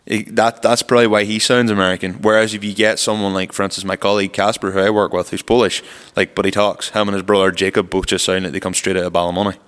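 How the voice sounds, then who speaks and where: A man's voice: sits low, flat delivery, fast, hardly any pauses, a bit bright, smooth, long reverb tail. A man co-hosting a podcast, telling stories in a casual, rambling way full of fillers. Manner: rambling storyteller, lots of "like" fillers. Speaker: podcast co-host. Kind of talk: casual chat.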